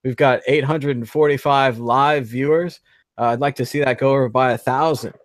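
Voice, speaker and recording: A man hosting a live panel show, moving briskly between guests and prompts. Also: medium pitch, fairly even intonation, dry recording, studio quality. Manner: brisk moderator, runs the segment and calls on guests. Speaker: host.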